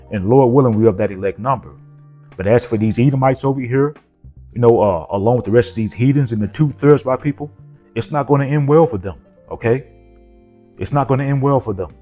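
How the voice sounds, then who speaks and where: A man in a mid-range voice preaches informally, reading scripture and circling back to the same points. He keeps checking in with his listeners with "okay?" and "you know", and soft music plays underneath him. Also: medium pitch. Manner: repetitive, punctuated with frequent "okay?" and "you know".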